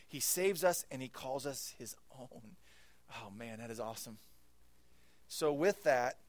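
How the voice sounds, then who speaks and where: A male pastor preaching a sermon in an earnest way, swinging between hushed, intimate lines and loud, emphatic ones. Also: mid-range voice, no echo.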